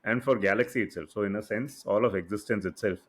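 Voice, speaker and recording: A man's voice: fairly low pitch, fast talker. A man with an Indian English accent, co-hosting a casual podcast and wryly summing up the running jokes. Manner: wry, explains the jokes back in a dry summing-up way. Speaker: podcast co-host.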